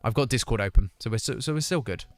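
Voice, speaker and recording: A man's voice: mid-range voice, animated, quick pace, soft background music. A young British man chatting casually on his live stream, reading viewer comments aloud and answering them. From United Kingdom.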